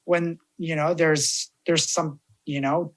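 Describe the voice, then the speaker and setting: A man's voice: on the high side, takes it slowly. A man, a death doula, chatting casually as a guest and acting out the voices of people he quotes. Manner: animated storyteller, acts out quoted voices. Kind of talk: casual podcast chat.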